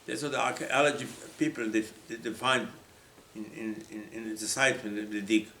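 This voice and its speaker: A man's voice: fairly low pitch, little pitch movement, normal speed, bright, forceful tone, slight background noise. A man preaching a sermon, emphatic and repetitive, often acting out the voices of the people he quotes. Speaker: rabbi. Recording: echoey room with faint ambience.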